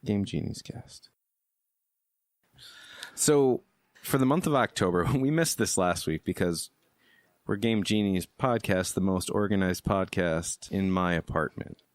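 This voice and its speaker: A man's voice: low-pitched, a little slow, long pauses, dry recording, clean studio sound. A young man co-hosting a gaming podcast, easygoing and rambling as he runs through the show's segments. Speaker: podcast co-host. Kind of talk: casual podcast chat.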